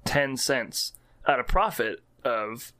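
A man's voice: medium pitch, animated, slow, pushed and bright. A man hosting a podcast in casual chat, talkative and exclamatory. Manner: chatty, exclamatory. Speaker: podcast host.

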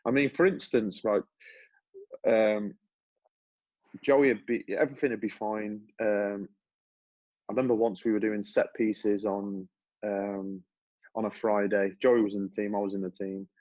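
A man's voice: fairly low pitch, unhurried, pauses often, dry recording, muffled recording. A man, a former footballer, talking casually as a podcast guest, telling stories with many restarts. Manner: relaxed storytelling with many restarts.

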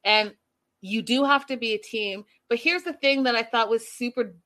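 A woman hosting a casual live show, recapping a reality series and reading out viewer comments in a chatty, expressive way. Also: fairly high pitch, normal speed.

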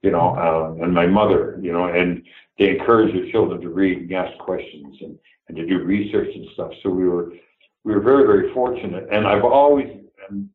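A man's voice: sits low, roomy sound, phone-quality sound. An older man from Canada with a Canadian accent, a guest telling candid, profane stories and acting out the dialogue. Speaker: guest actor. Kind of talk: casual interview storytelling.

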